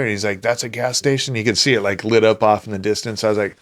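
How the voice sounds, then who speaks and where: A man's voice: lowish voice, fast talker, hardly any pauses, no room sound, studio quality. A middle-aged man from North Dakota, a retired Army Ranger, telling stories in casual conversation and acting out the voices of the people in them. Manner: animated, acts out quoted voices. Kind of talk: casual storytelling.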